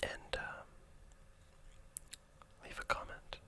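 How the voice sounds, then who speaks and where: A Canadian-accented ASMR host whispers unhurried commentary while browsing maps. The delivery is soft and gently hesitant, with a slow pace and a breathy whisper throughout.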